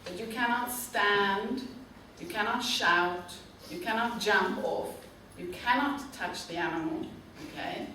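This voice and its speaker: With a medium-pitched voice that comes across pushed and bright, a woman gives students a guest lecture in a university classroom. She directs a tour operator and teaches slowly and clearly, checking in with "okay?" again and again. Audio is echoey, distantly miked, faintly noisy.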